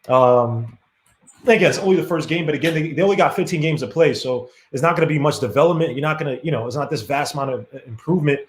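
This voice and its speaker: Rambling man in an echoey room. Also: medium pitch. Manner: frustrated, apologetic, rambling with many fillers. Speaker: podcast host streaming a game watch. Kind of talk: casual live game commentary.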